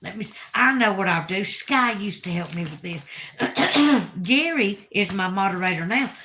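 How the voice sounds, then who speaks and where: A woman's voice: mid-range voice, expressive, normal speed, heavy background noise. A middle-aged woman with a Southern US accent, hosting a casual livestream and chatting in a folksy way with her viewers. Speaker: livestream host.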